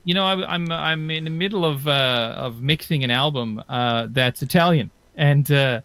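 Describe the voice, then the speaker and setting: A man's voice: fairly high pitch, moderate pace, a bit bright, smooth, no room sound. Man co-hosting a podcast; rambly, easygoing, dry close mic. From Newfoundland and Labrador, Canada. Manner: rambling, friendly, lots of "you know". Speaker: podcast co-host. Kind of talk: casual chat.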